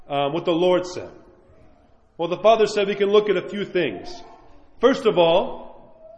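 A male priest preaching a sermon in a conversational, emphatic way, acting out the voices he quotes. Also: high-pitched. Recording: echoey hall, long reverb.

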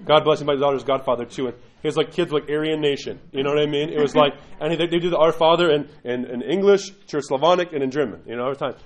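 A middle-aged man giving a lively, conversational church talk, acting out quotes in different voices. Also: on the high side, quick pace, few pauses, rough recording. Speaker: church teacher. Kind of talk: sermon-style class talk.

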